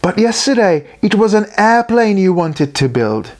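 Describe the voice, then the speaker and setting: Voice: medium pitch, sing-song, unhurried, a little mellow, voice pushed up. A storyteller voicing a bossy, scornful male leader who talks through pursed lips in a storybook.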